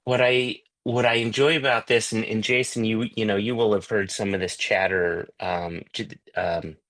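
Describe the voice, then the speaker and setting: A man's voice: fairly low pitch, steady tone, moderate pace, fairly bright tone. A man hosting an online tasting on a video call, chatting loosely with lots of fillers and restarts. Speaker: whisky tasting host. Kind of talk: casual online tasting talk.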